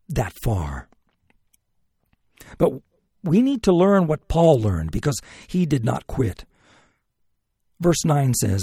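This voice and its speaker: Husky earnest male preacher. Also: no echo, studio quality. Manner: earnest, pleading, drops low and soft on key words. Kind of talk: sermon.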